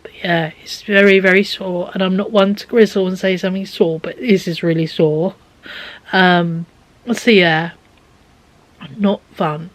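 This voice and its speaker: Tired girl rambling at her camera in her bedroom, lowish voice, keeps going quiet and whispery. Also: fairly even intonation, unhurried, no room sound, rough recording. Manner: tired, rambling, drifts into soft near-whispers. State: exhausted. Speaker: vlogger. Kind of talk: casual vlog chat. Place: bedroom at home. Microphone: handheld camera.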